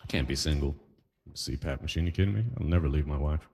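Deep-voiced stand-up comedian. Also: male voice, fast, big-room sound, heavy background noise. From Caribbean. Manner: conversational, punchy asides.

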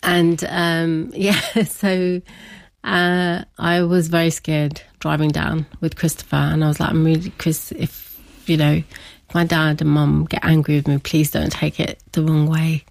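A woman's voice: deep voice, flat delivery, a little slow, gravelly, no room sound. A middle-aged woman telling a personal story as an interview guest, chatty, laughing often and acting out what family members said.

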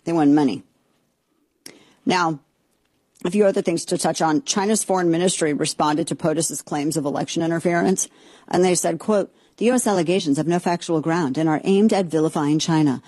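A woman's voice: low voice, brisk, a little mellow, no echo. A woman hosting a commentary show, giving heated political opinions in a rambling way with frequent restarts and exasperated outbursts.

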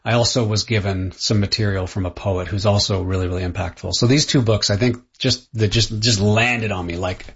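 A man's voice: on the low side, fairly even intonation, brisk, few pauses, a bit bright, slightly rough. A middle-aged Canadian man, an author being interviewed, speaking thoughtfully and often restarting his sentences. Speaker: author and guest. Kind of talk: interview conversation. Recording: dull lo-fi sound.

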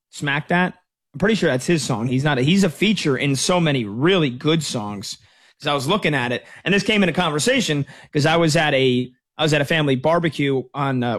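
A man in his thirties hosting a sports talk radio show, chatting casually and telling stories with a self-deprecating touch. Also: a little high. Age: 30s.

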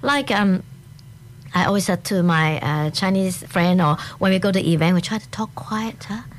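A woman with a Hong Kong accent, a guest in a casual interview, talking with lively, broken phrasing and many restarts. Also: fairly low pitch, moderate pace, a little hiss or hum.

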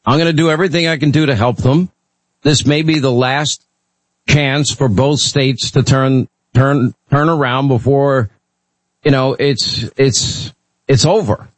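A man's voice: mid-range voice, fairly even intonation, measured pace, dry recording, poor audio. A man hosting a talk radio call-in show, blunt and opinionated, bantering with callers.

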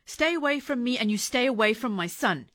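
A woman's voice: on the high side, lively intonation, fairly quick, fairly bright tone, no echo. An actress playing a fed-up ex-wife who stands up to her abusive former husband, defiant and cutting.

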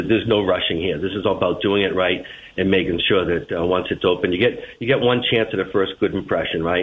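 A man with a Boston accent, a transit manager answering interview questions over the phone, measured and repeating words as he starts phrases. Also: low-pitched. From Boston, USA. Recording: tinny phone line with faint hiss.

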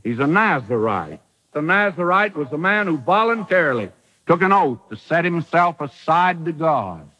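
A man's voice: a little high, expressive, moderate pace, bright, forceful tone, rough recording. A man preaching a dramatic sermon, acting out the quotes in the bible story.

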